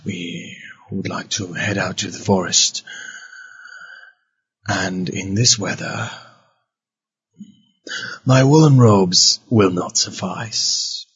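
An earnest adventurer in woolen robes speaks slowly and haltingly, as a man plays him in a tabletop game. His voice is low and very raspy, and the sound is lo-fi. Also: long reverb tail, exaggerated voice. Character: earnest robed male adventurer.

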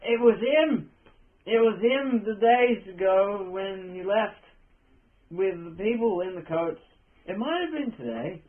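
A man's voice: high voice, animated, measured pace. A man voicing a battered, drunk mouse informant who rambles and loses his thread, over a tinny call line. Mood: rambling. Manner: rambling, trailing off, loses track mid-sentence.

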